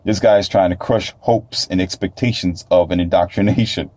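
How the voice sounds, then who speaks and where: A man holds forth in a loose, preachy monologue, now and then mocking imagined doubters in a higher voice. His voice sits fairly low with a dark, mellow tone. The recording is dry and close. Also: steady tone, moderate pace, dry recording. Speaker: self-published author and talk host. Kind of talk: casual monologue.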